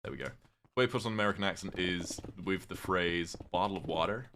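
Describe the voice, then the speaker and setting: A British man casually chatting with his viewers on a livestream, reading chat aloud, swearing freely and reacting with sudden loud outbursts. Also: sits low, quick pace, slight background noise. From Britain.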